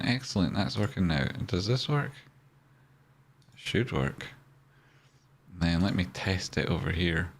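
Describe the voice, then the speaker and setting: A Scottish man with a very low voice hosts a relaxed trading livestream. He banters and teases, reading comments aloud in an easygoing, joking way. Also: noisy background. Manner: chatty and joking, reads viewer comments aloud. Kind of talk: casual live-stream chat.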